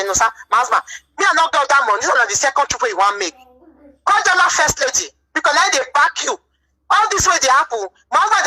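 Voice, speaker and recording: A woman's voice: high voice, bright, forceful tone, rough recording. A woman speaking Nigerian Pidgin English, telling an aggrieved personal story in a vlog monologue, full of repetitions. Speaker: vlogger.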